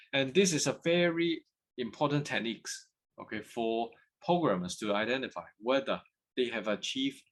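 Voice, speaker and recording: A man with a Hong Kong accent and a fairly low voice gives a university lecture, switching between English and Cantonese. He keeps checking on his students with frequent "OK"s and "can you follow?"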